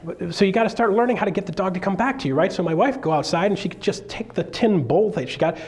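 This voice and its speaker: A middle-aged man telling a jokey, animated story to a live audience as a real estate speaker, acting out voices as he goes. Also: high voice, quick pace.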